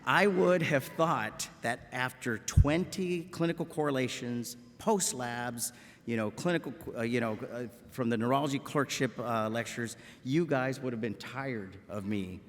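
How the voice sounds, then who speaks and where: Speaking a little slowly at medium pitch, this South Texas man in his fifties, a medical school professor with a local accent from the Rio Grande Valley, delivers a commencement speech full of jokes. He frequently adds a questioning "okay?", and the large auditorium gives the ceremony audio a long, echoing reverb.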